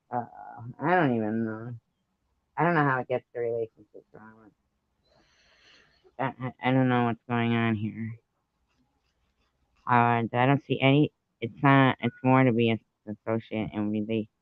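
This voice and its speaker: A guy on a live stream rambles through a story in casual chat, swearing a bit and using lots of fillers. His mid-range voice has a clear, resonant tone at normal speed, though the lo-fi mic sounds muffled. The recording is dry.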